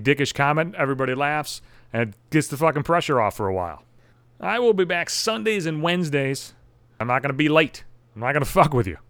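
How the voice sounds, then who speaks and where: A man hosting his own podcast, telling a story in a casual, profane, sarcastic way with animated retelling. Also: medium pitch, clean tone, dry recording. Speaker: podcast host.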